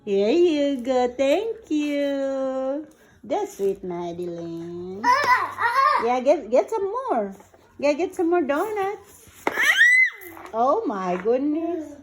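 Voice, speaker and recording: A young woman gently coaxing toddlers as they play on the floor, talking in baby talk with frequent laughs. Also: sits high, very animated, drawn-out words, heavy background noise. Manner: coaxing and sing-song, laughing often. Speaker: caregiver. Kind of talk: baby talk while playing.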